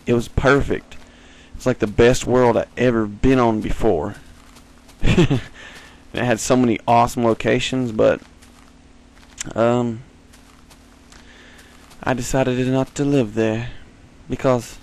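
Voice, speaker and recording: A man hosts a gaming video with rambling, jokey let's-play commentary, giggling and suddenly breaking into high squeals. His voice has vocal fry.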